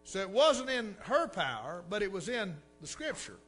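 Animated preacher telling a story. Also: male voice, high-pitched, moderate pace, a little hiss or hum. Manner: folksy, animated storytelling with repeated words. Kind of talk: sermon storytelling.

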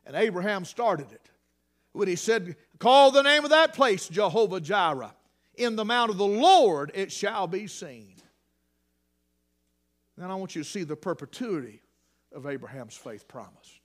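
High-voiced preacher swinging loud and hushed. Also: male voice. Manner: dynamic, swings from hushed to shouting. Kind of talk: sermon.

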